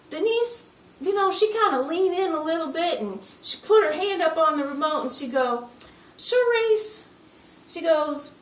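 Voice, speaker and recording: Comic character: a woman doing a sassy, churchgoing young woman with a high, sharp voice and heavy slang, recorded in an echoey room from a distance. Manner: sassy, exaggerated street slang. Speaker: skit performer. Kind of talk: live comedy skit monologue. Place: retreat meeting room.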